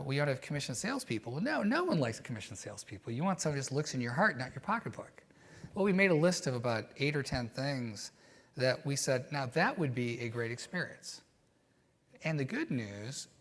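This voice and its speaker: A guest in a conversational interview, this man has a mid-pitched, easygoing voice. He shares stories reflectively, at times getting animated, and thinks aloud with frequent "you know" fillers.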